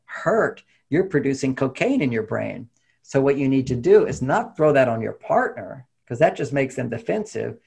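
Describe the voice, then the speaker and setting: A man, a relationship author, talking in an animated conversational way as an interview guest. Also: mid-range voice, vocal fry, husky. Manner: animated, acts out quoted voices, laughs often.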